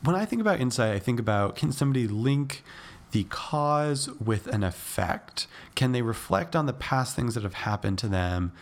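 A man with a cold and a congested voice, co-hosting an educational psychiatry show and explaining ideas step by step in a casual, thoughtful way. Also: mid-range voice. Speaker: podcast co-host teaching psychiatry.

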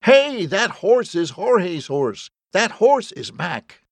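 A man voicing a wry, fatalistic man handcuffed to a flagpole, sardonic and exasperated, with a gravelly, husky voice. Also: medium pitch, big pitch swings, moderate pace, dry recording, exaggerated voice. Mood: shouting.

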